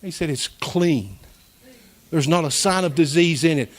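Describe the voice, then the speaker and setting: A middle-aged pastor with a fairly high voice tells a personal story from the pulpit. He preaches in a folksy, heartfelt way. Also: measured pace. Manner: folksy, emotional, rising to a preaching shout. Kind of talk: storytelling sermon.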